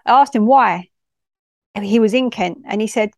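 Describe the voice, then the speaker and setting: A woman tells a personal story as a youth worker, direct and no-nonsense. Her voice sits a little high and sounds dry and close. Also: moderate pace, gravelly, a little mellow, no echo. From London.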